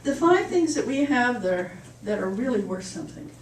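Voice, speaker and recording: A woman minister preaches in a chatty, storytelling way and laughs along with her own jokes. Her voice sits a little high. She is picked up from a distance in an echoing hall with a faint hiss. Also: very animated, moderate pace. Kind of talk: sermon. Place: church hall. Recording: echoey hall, mic far off.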